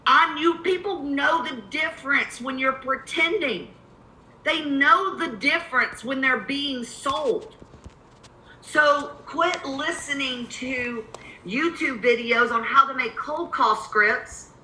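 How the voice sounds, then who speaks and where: Bright-voiced Southern woman coaching. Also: high voice, slow, reverberant, slight background noise, low-quality recording. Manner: emphatic, repeats key points. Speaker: real estate cold-calling coach. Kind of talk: live coaching webinar.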